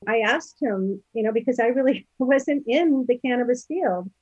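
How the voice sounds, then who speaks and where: A woman's voice: fairly high pitch, normal speed, darkish tone, husky, dry recording. Chatty fifties woman guest, loose and digressive; dull dry recording. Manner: chatty, rambling, many fillers and restarts. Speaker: podcast guest. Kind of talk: casual storytelling interview.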